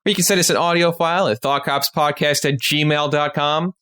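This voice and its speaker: A man hosting a podcast in easygoing, casual chat, often halting with fillers. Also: a little high, fairly even intonation, bright, forceful tone, clean tone. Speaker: podcast host.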